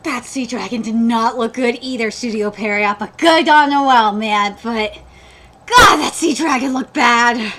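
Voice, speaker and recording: A woman's voice: on the high side, measured pace, fairly bright tone. A woman hosting a live anime reaction, ranting with exasperation and swearing freely as she checks details against the manga.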